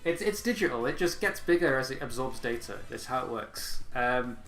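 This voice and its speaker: Laughing, halting game master. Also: male voice, mid-range voice, lively intonation, fairly bright tone, faint music behind. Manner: laughs often, halting with fillers. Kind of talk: narrating a tabletop game.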